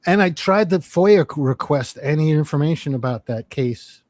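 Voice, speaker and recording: A middle-aged man from New York telling a profane, animated story in casual chat, acting out quotes as he goes. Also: a little high, moderate pace. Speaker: livestream host.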